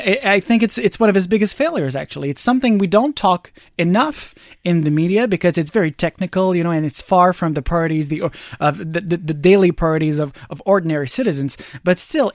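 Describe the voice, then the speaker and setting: A man from Quebec analyzing politics on talk radio, and his voice sits high for a man. He speaks in a sarcastic, emphatic way, padded with fillers. The studio sound is close and dry. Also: lively intonation, a little fast, no room sound. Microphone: radio studio mic.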